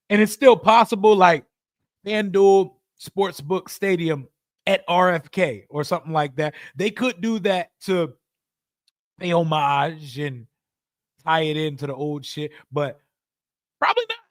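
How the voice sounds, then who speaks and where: Animated young streamer, high voice. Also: male voice, dry recording, studio quality. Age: young adult. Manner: animated, profane, addresses chat directly. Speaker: livestream host. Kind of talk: casual live reaction stream.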